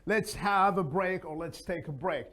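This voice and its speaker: High-voiced man teaching casually. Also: a little slow, a bit bright. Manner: chatty, gives opinions, frequent fillers. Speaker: English teacher. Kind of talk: casual spoken lesson.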